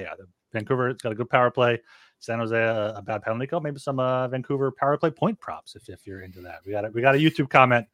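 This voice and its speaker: Male podcast co-host, casual betting chat, dry studio sound, relaxed delivery with fillers. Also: mid-range voice, no room sound. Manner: reads odds and lines, relaxed with fillers.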